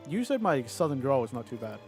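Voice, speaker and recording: A man's voice: mid-range voice, sing-song, quick pace, faint music behind. A male streamer chatting casually on a livestream, reading viewer messages aloud and answering them.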